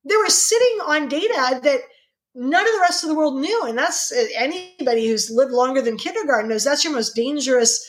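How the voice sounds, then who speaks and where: Middle-aged woman guest, fired up and indignant, a bit high-pitched, voice keeps spiking up on her points. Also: animated, a little fast. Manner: fervent and indignant, with sharp rises in pitch. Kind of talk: impassioned interview answers.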